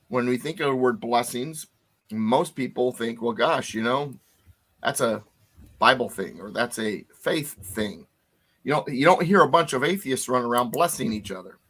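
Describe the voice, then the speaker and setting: A man lectures a class, jumping up in pitch on key words. He explains at an uneven pace, pausing with fillers and restarting phrases. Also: a bit bright. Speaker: constitution teacher.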